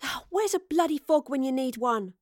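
A woman's voice: high-pitched, lively intonation, normal speed, darkish tone, no room sound, clean studio sound, pitched above the performer's own voice. Woman doing a cheeky, brash young woman. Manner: casual, swears freely.

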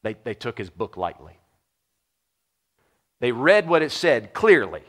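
A man preaching a sermon, chatty and full of rhetorical questions, swinging from a low murmur to high exclaiming. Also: very animated, measured pace, pauses often, fairly bright tone. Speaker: pastor.

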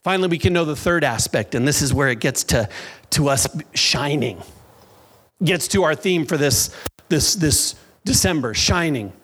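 A man preaching a sermon as pastor in a church, with slow, emphatic phrases and pauses. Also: fairly high pitch, expressive, fairly bright tone, breathy edge.

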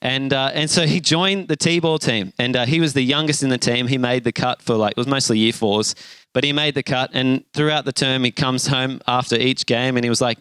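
A middle-aged man, preaching a sermon and acting out a lively story. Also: mid-range voice, a little fast, clean tone, no room sound. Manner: animated storyteller, acts out voices with shouts and gasps. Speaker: pastor.

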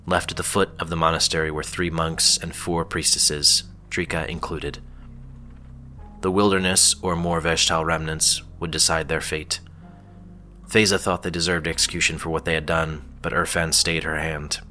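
A man narrating a fantasy story in a measured, steady storytelling manner. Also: rumbling low, soft background music.

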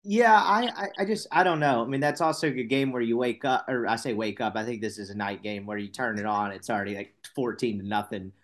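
A man's voice: medium pitch, quick pace, few pauses. A man hosting a casual sports betting podcast, rambling and correcting himself with wry asides.

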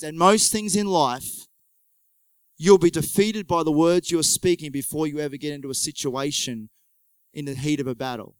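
A man preaching a conversational sermon, retelling a story with lively joking asides. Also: fairly high pitch, moderate pace, clear, resonant tone, no echo, poor audio. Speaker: pastor.

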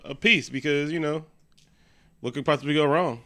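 A man co-hosting a casual movie review chat, retelling scenes in animated quoted voices. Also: fairly high pitch, brisk. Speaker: podcast co-host.

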